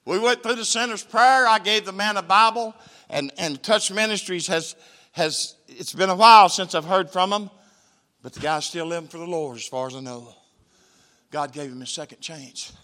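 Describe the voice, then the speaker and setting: A man's voice: high voice, normal speed, pushed and bright. A man, a missionary preacher telling a testimony in a church sermon, folksy and emphatic. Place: church sanctuary.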